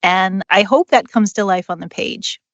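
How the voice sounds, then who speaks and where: An enthusiastic woman author chats as a podcast guest, warmly excited about her work. Her voice sits at an ordinary pitch for a woman. The sound is dry and close, with no room echo. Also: dull audio. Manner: enthusiastic, chatty, quick to laugh. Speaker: author and dog trainer, guest. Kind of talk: podcast interview.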